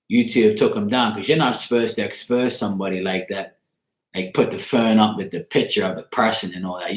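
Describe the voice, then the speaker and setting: A man hosting a tarot channel, telling a profane story in a casual, laughing rant. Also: lowish voice. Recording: roomy echo.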